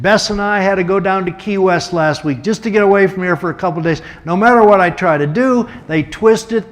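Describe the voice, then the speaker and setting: A man voicing an indignant older male president who talks loudly and heatedly in a raised voice. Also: high-pitched, close to an everyday voice.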